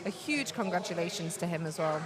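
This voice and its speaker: A woman's voice: lowish voice, animated, a little fast. A woman co-commentating on swimming, gushing and enthusiastic. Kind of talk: live sports commentary. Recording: loud crowd in the arena. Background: crowd noise.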